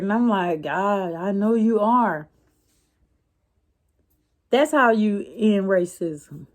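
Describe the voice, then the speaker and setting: A woman's voice: mid-range voice, lively intonation, takes it slowly, pauses often, darkish tone. A woman vlogger telling a story in a casual, chatty way, with many fillers and restarts.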